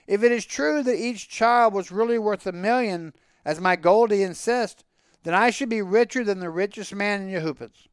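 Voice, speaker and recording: A man reading a story aloud with expressive storytelling. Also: high-pitched, moderate pace, clear, resonant tone, no echo, studio quality. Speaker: story reader.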